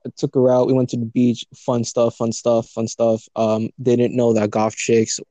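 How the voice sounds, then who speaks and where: A man's voice: medium pitch, monotone, moderate pace, warm tone, no room sound. A young man from Los Angeles telling a rambling, profane story in casual chat, laughing often.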